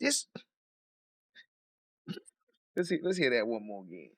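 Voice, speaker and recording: A man hosting a livestream, reading out donor messages and reacting with profane, animated commentary. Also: medium pitch, fast talker, no room sound, studio quality. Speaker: livestream host.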